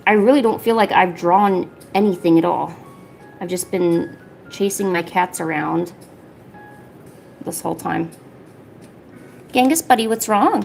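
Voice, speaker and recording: A woman live-streaming casually, often cooing to her cats in a high, soft baby-talk voice. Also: gravelly. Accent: American. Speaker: art streamer.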